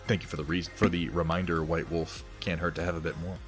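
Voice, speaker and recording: Low-voiced man, chatty and slightly hoarse. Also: little pitch movement, fast, soft background music. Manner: chatty, mild swearing, laughs often. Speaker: host of a miniature painting stream. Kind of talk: casual livestream chat, reading viewer posts.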